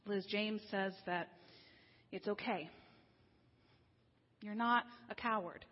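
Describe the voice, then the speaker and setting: A woman minister giving a sermon in a conversational, wry way, slowing down for serious points. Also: medium pitch. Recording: dull lo-fi sound with long hall reverb.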